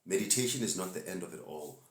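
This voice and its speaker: A man's voice: deep voice, lively intonation, quick pace, echoey room. A man gives a laid-back, preachy spiritual talk to live-stream viewers and laughs often.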